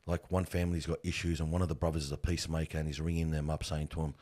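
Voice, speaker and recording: This middle-aged man speaks low and deep, with a husky grain to his voice. He tells stories earnestly and with emphasis, in loose everyday slang. His tone is that of a guest sharing hard-won lessons from funeral work. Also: little pitch movement, rapid-fire, a little mellow. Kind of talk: heartfelt conversational storytelling.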